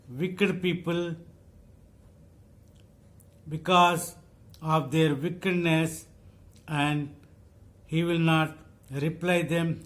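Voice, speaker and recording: A man preaching a sermon, reading scripture and repeating phrases slowly for emphasis. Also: on the high side, fairly bright tone.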